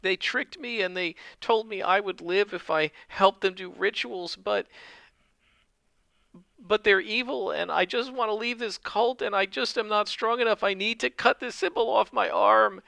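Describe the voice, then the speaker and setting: A man's voice: sits high, moderate pace, gravelly, bright, forceful tone, no room sound, voice pushed up, full character voice. A man voicing a young woman cultist who sobs and pleads while faking distress in a tabletop game. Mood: pleading, tearful. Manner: sobbing, pleading.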